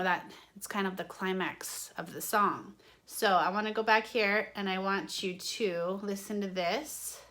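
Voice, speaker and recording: A woman's voice: mid-range voice, sharp tone. A woman drama teacher giving an online singing lesson, explaining each point to her students and then singing examples.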